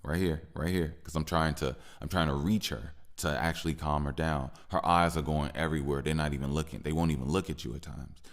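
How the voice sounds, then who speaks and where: Male podcast host, 30s, extremely deep gravelly voice, frustrated personal venting. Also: steady tone, a little fast, hardly any pauses. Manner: frustrated, repetitive, rising into heated stretches.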